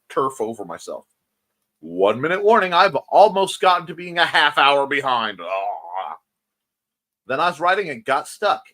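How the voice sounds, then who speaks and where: A chatty male host runs a relaxed morning stream, reading comments aloud and tossing in quick asides. His voice sits a little high and swings up and down constantly. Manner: lively, chatty, quick asides and self-corrections. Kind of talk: casual livestream chat reading viewer comments.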